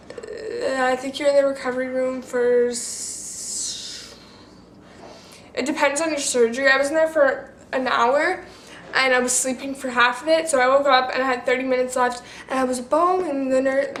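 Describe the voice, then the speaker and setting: A teenage girl with a high voice chats to her camera, telling a story in a loose, rambling way full of fillers and restarts. She is recorded in an echoey room with a faint hum behind her. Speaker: vlogger.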